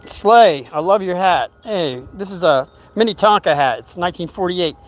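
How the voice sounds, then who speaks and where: In a high voice at a moderate pace, an older man wanders through a casual story about his younger days. He acts out the people's lines in an animated retelling.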